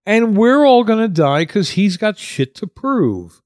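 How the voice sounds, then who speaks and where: A man's voice: sits high, very animated, a little slow, no echo, clean studio sound. A man co-hosting a podcast, talking bluntly and sarcastically in casual chat, with plenty of swearing.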